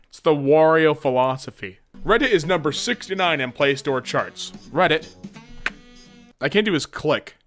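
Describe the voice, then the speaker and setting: A man hosting a casual comedic meme commentary, jumping into squeaky silly voices. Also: expressive, moderate pace, a bit bright, faint music behind. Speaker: meme reaction host.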